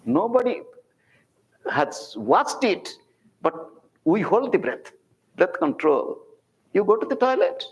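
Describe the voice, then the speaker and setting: High-voiced Indian man in his sixties. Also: very animated, highs cut off. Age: 60s. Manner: deliberate, repetitive phrasing with rhetorical questions. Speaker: spiritual teacher. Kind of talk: public spiritual talk.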